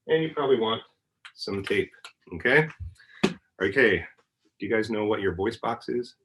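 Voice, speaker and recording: A man's voice: fairly low pitch, expressive, normal speed, background noise. A man, a university professor, patiently walking children through a hands-on science demonstration at home, singing notes and making vocal sounds to show how they work. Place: family home.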